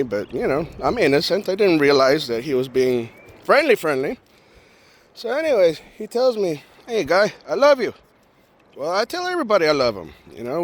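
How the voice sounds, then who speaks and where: A man with a high voice tells a story straight to camera, and his pitch jumps all over the place. He jokes his way through it and acts out each person in his tale. The delivery is loose and casual, like a vlogger talking to his viewers. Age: adult with a young daughter. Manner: animated and joking, acts out the people in his story.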